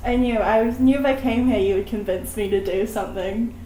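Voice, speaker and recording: A woman in the chair at a hair salon, softly chatting with her hairdresser. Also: fairly high pitch, brisk, slight background noise. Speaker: salon client. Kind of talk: casual chat during a haircut. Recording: roomy echo.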